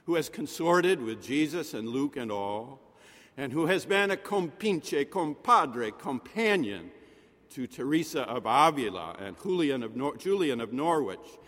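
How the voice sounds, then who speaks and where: A man's voice: medium pitch, sing-song. Man preaching in a reverberant chapel. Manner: rhetorical, with dramatic pauses and soft drops. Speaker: pastor. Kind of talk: sermon.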